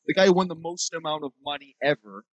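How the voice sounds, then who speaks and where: A man's voice: fairly high pitch, fast talker, dry recording, rough recording. A man co-hosting a podcast in a temporary studio, chatting casually, joking, laughing often and swearing freely. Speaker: podcast co-host. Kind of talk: casual chat.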